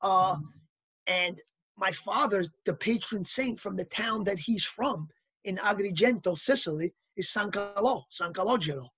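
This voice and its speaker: Male interview guest, husky and lively, telling anecdotes in a dry, close recording. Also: sits high, measured pace, no room sound. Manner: animated anecdotal storyteller, acts out quotes. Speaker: actor guest. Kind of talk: casual storytelling interview.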